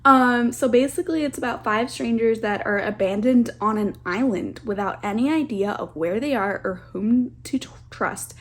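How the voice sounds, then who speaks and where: Chatty, excitable young woman vlogger. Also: fairly high pitch, slight background noise. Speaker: book vlogger. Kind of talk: casual reading vlog.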